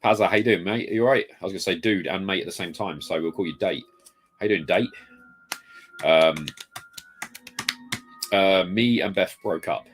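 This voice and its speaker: Low-voiced man rambling on a live stream. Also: moderate pace, pauses often, a little hiss or hum. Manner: rambling, reads out viewer comments and greets them. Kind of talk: casual live-stream chat. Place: home room full of retro games. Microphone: desk mic moved close.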